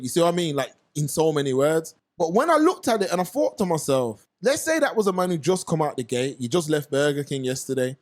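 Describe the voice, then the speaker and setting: A high-voiced man holds forth in a casual podcast chat. He tells stories in street slang and acts out the people in them. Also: fast, hardly any pauses. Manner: animated storytelling, slangy, acts out quoted voices. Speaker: podcast co-host.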